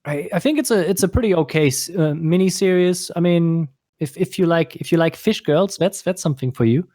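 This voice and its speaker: A man's voice: on the high side, fairly quick, mellow, no room sound, clean studio sound. A man with a German accent co-hosting a casual podcast chat, hesitant and often repeating words as he searches for them. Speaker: co-host.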